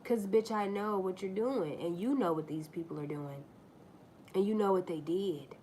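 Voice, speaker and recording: A woman's voice: medium pitch, normal speed, mellow, slight background noise. A woman hosting a livestream, ranting in a blunt, profane and mocking way as she tells a story, often repeating herself and restarting lines. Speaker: livestream host. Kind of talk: casual livestream rant.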